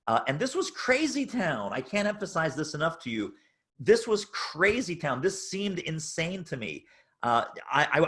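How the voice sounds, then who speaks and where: A man's voice: mid-range voice, bright, forceful tone. A man giving a sales training talk at a chapter meeting, emphatic and fond of repeating phrases for effect.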